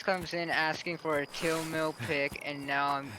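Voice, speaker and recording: A man's voice: fairly high pitch, flat delivery, a little slow, noisy background. A man joking and teasing friends on voice chat while gaming. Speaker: gamer on voice chat.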